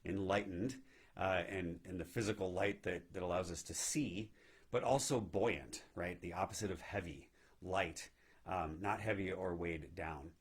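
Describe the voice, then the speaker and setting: A man giving a gentle, reflective spiritual teaching talk on meditation, often checking in with "right?". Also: deep voice, a little slow, husky. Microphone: live video stream.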